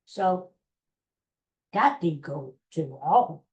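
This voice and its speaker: A woman's voice: deep voice, lively intonation, extremely slow, dull audio. A middle-aged woman hosting her own podcast, chatting casually and rambling through stories with restarts and asides, giving blunt sports opinions. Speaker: podcast host. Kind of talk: casual solo podcast chat.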